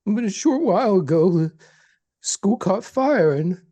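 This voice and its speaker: Guy game-mastering a tabletop rpg, mellow darkish voice, kinda halting and loose. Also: high-pitched. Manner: relaxed, halting narration with restarts.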